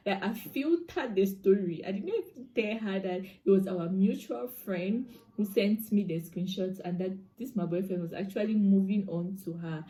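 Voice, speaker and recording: A young woman with a Cameroonian accent, from Cameroon, telling a story time to her viewers. She talks in a chatty, expressive way, slipping into pidgin turns of phrase. Her voice is mellow and warm. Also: medium pitch, moderate pace. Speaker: vlogger.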